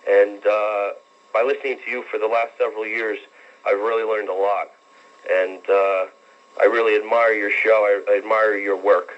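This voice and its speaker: A man's voice: lowish voice, flat delivery. Earnest young male radio caller. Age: 20s. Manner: earnest, rambling, halting. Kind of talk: phone-in talk radio. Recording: dull lo-fi radio broadcast.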